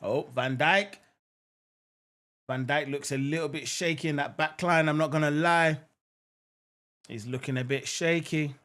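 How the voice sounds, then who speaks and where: Brief: young male streamer, slightly higher voice, rambling live match chat, bursts of excitement. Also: measured pace, long pauses. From England. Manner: casual, repeats phrases, lots of "um" and "I'm not gonna lie"; jumps to excited exclamations at near-misses. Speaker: live match watchalong host. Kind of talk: live football commentary and chat reading viewer comments.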